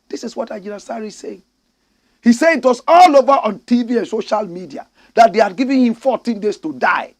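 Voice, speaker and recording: A man's voice: sits high, expressive, fairly quick, slightly rough, dry recording. A man with a Ghanaian accent giving opinionated, sarcastic news commentary, reading stories aloud and jabbing at their subjects.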